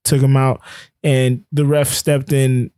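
A man's voice: mid-range voice, level tone, slow pace, dark tone, smooth, dry recording. A man co-hosting a podcast, chatting casually and recapping a boxing fight. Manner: rambling, lots of fillers and restarts. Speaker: podcast co-host. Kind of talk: casual sports chat.

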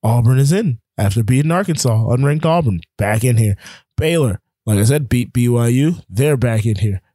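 A man's voice: mid-range voice, lively intonation, moderate pace, dark tone, no room sound, clean studio sound. A man co-hosting a casual sports talk show, running through rankings and scores with lots of fillers. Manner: rambling, filler-heavy rundown of rankings. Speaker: sports podcast co-host.

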